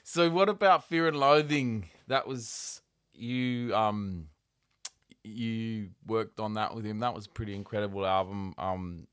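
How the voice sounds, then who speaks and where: Man, podcast host, lowish pitch, casual swearing, dry close sound. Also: a little slow, a bit bright, smooth, no room sound. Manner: swearing, laid-back, laughs often.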